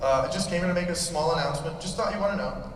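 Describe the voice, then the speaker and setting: High-voiced ranting male comic. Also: racing. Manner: mock-pompous, crude, ranting. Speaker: stand-up comedian. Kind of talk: ranting stand-up set. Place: large convention hall stage. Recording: echoey hall recorded from far off, crowd noise. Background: audience laughing and cheering.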